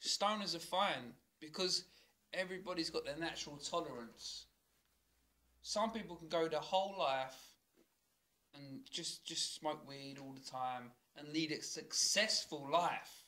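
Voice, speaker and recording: A young man with a working-class London accent, talking in a bright, slightly high voice. He rambles and swears freely through casual podcast chat with his brother, laughing along as he goes. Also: a little slow. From South London. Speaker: podcast co-host.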